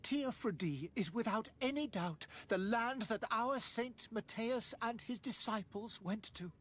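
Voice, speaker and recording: A persecuted female scholar in a video game, grave and resigned yet firm. Her voice sits somewhat high. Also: animated, a little slow, a little hiss or hum.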